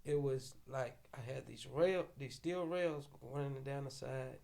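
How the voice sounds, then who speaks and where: Podcast guest, male, from Oklahoma City: gravelly, heated casual storyteller. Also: mid-range voice, measured pace. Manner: animated, heated retelling with slang and profanity.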